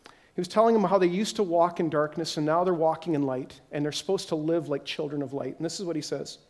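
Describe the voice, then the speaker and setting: A man's voice: a little high, quick pace. A man preaching a sermon as pastor, telling stories animatedly and acting out the voices of the people in them. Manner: animated storytelling, acts out quoted voices.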